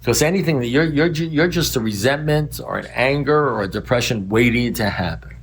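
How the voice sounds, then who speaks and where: A man's voice: medium pitch, brisk. An older man speaking at a recovery meeting, telling rambling stories in a wry, blunt manner.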